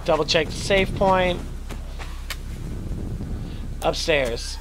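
In this low-quality recording with slight background noise, a young man streams a horror game, chatting and swearing at a moderate pace. His high-pitched voice sounds pushed and bright, as well as worn, with a stuffy nose. Scares make him yelp and curse throughout his live commentary.

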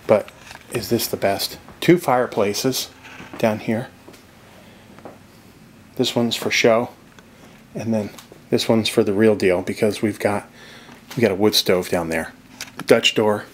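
Chatty low-voiced guy walking thru a cabin, casual and excited, some soft background ambience. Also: takes it slowly, long pauses, a little hiss or hum. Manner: chatty, enthusiastic, drops into soft whispers indoors. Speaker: real estate vlogger touring a property. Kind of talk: casual walking property tour. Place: outdoors by a creek and inside a log cabin.

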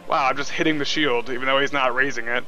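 A young man commentating a game he is playing, casual and excitable, with frustrated outbursts. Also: mid-range voice, fast talker, faint music behind. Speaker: let's play host. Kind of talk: gameplay commentary.

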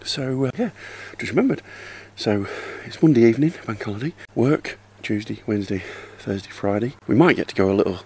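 A man's voice: medium pitch, animated, a little fast, few pauses, warm tone, husky. A middle-aged man chatting casually to a handheld camera in his back garden, rambling as he does chores. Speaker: vlogger. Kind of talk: casual vlog chat. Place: outdoors in a back garden by a hot tub.

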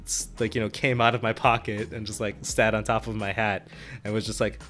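A man's voice: lowish voice, little pitch movement, a little fast, a bit bright, faint music behind. A man co-hosting a podcast, recapping a tabletop game in casual chat, laughing often and rambling with lots of fillers. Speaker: podcast co-host and player.

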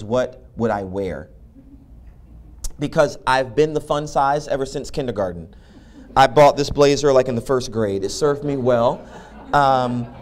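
A man and professor giving a motivational talk, telling a humorous story and acting out the dialogue. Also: mid-range voice. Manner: animated, humorous, acts out dialogue. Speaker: keynote speaker and professor.

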